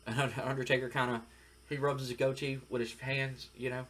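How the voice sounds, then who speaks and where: A man's voice: medium pitch, level tone, fairly quick, fairly bright tone, slight background noise. A man casually narrating a wrestling management game, retelling it in a loose, rambling way. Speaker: game commentator. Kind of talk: casual let's-play narration.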